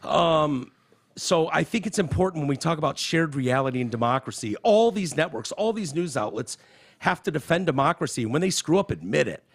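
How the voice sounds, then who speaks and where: A man hosting a podcast, talking in an animated, profane, casual way about the news. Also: a little high, a little fast. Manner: animated, profane, reads quotes aloud. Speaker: podcast host. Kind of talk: casual political chat. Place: podcast studio.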